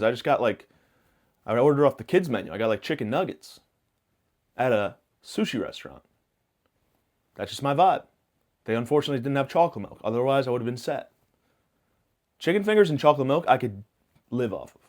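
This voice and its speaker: A man hosting a podcast, rambling through a self-mocking comic monologue full of absurd tangents and deadpan hot takes. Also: mid-range voice. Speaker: podcast host.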